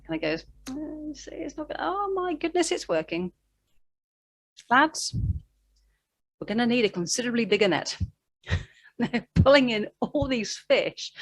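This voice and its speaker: A woman preaching a sermon, telling a Bible story with animated delivery and acted-out quotes. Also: medium pitch.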